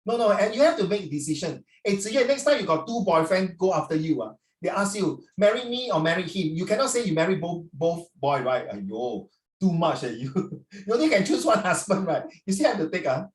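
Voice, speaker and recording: A man's voice: high-pitched, sing-song, a little fast. A middle-aged man, teaching an online class in a playful, teasing way. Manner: playful, teasing, peppers questions with "ah". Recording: roomy sound, distant mic.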